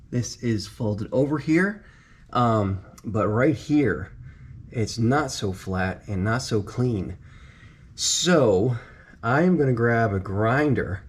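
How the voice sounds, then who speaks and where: A young man with a mid-range voice, chatting casually on a camera mic as he moves around the car. He's hyped and easygoing and full of slang, like a car modding vlogger showing off new parts. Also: mid-range voice. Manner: enthusiastic, laid-back slang. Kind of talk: casual garage vlog.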